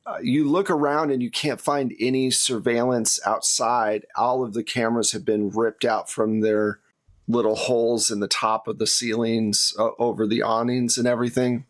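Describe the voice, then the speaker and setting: A man narrating a tabletop game as game master in a relaxed way, laughing often. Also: mid-range voice, normal speed.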